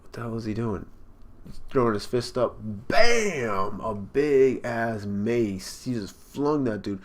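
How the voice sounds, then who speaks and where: A man reacting live to a comic chapter, excited and swearing freely as he thinks out loud. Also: medium pitch, slow pace. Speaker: manga reaction streamer.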